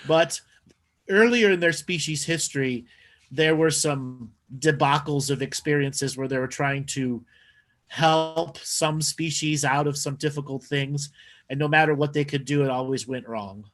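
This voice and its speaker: Brief: man with a somewhat high voice, deadpan co-host of a comedy talk show. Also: a little slow.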